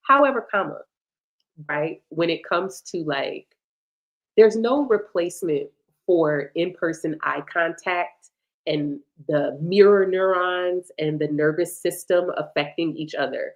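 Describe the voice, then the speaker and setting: A woman's voice: fairly low pitch, measured pace, darkish tone. A woman guest chatting casually with the host, emphatic and playful. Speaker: guest astrologer. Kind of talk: casual chat.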